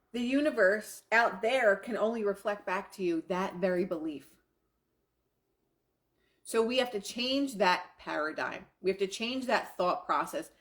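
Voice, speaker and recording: Middle-aged female coach, casual live talk, enthusiastic and repetitive. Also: mid-range voice. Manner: enthusiastic, swears casually, repeats affirmations. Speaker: self-help coach.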